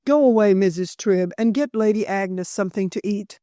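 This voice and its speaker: A woman voicing a feverish young man who speaks tiredly and gently, reassuring. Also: medium pitch, normal speed, no room sound, lightly acted. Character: ailing young man, feverish but cheerful.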